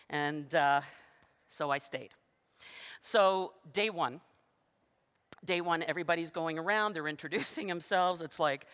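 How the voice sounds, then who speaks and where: A woman giving a storytelling keynote in a conference hall, animated and self-deprecating, often laughing between phrases. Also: deep voice, measured pace, pauses often, clean tone. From Canada. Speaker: keynote speaker. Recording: long reverb of a big hall.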